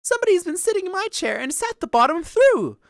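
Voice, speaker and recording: A man voicing a tiny wee baby bear in a storybook, with a shrill, sharp little voice. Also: sing-song, quick pace, gravelly, dry recording, studio quality, exaggerated voice. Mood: upset.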